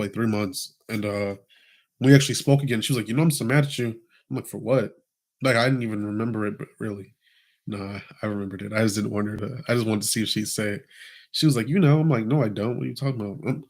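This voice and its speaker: A young man vlogging, telling a casual personal story in a slangy, animated way with lots of filler words. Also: mid-range voice.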